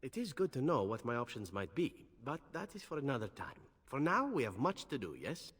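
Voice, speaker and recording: An actor voicing a charming, flirtatious male elf assassin in a video game, smooth and teasing, with a goofy foreign accent. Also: medium pitch, big pitch swings, a little fast, fairly bright tone. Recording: game audio with long reverb.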